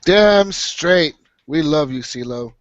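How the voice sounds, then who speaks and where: A man's voice: on the high side, expressive, slow pace, no echo, dull audio. A man hosting a casual gaming podcast, swearing freely and laughing often. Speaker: podcast host.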